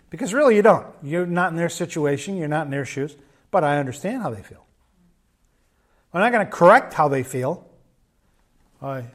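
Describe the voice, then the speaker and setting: A middle-aged man preaching a sermon in a measured, earnest way, often acting out quoted remarks. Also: on the high side, animated. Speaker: pastor.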